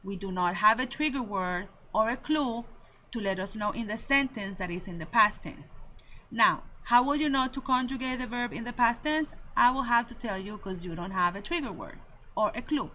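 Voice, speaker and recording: A woman Spanish teacher giving a recorded lesson, slowly and deliberately drilling verb endings. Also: fairly high pitch, animated. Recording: slightly dull lo-fi audio with faint noise.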